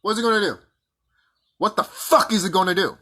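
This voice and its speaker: A man delivering a profane, combative monologue full of rhetorical questions, with a husky voice. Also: high voice, a little fast, sharp tone. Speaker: vlogger. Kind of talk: ranting monologue to camera.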